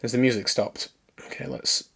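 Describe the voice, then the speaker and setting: A man's voice: lowish voice, big pitch swings, moderate pace, gravelly, sharp tone, breathy edge. A man chatting casually on a live stream as he works, thinking aloud and talking to his viewers.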